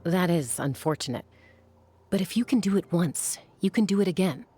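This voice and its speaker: A woman voicing a calm, steady woman mentor and warrior, reading game dialogue aloud in a reassuring, measured way. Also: lowish voice, faint music behind, voice pushed down, lightly acted.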